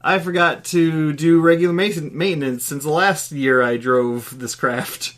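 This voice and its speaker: A man voicing a male demon wanderer, casual and irreverent, turning loud and annoyed in a spoken story. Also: on the high side, steady tone, unhurried.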